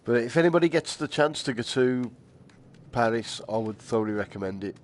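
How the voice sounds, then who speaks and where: A man's voice: medium pitch, expressive, fairly quick. A man chatting casually to viewers while streaming a game, laughing often and swearing lightly. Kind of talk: casual live-stream chat.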